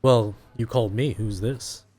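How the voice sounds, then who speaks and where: A man narrating a tabletop horror game as game master, in a calm, unhurried way. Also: fairly low pitch.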